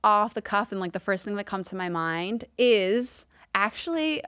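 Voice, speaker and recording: A woman in her thirties with a light Long Island accent talks through a casual podcast chat, peppering her speech with "like." Her voice is smooth and clear, and the sound is dry and close. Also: medium pitch, expressive, a bit bright, dry recording. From Long Island, New York. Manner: chatty, many "like" fillers, quick laughs. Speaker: podcast guest, TV lifestyle host.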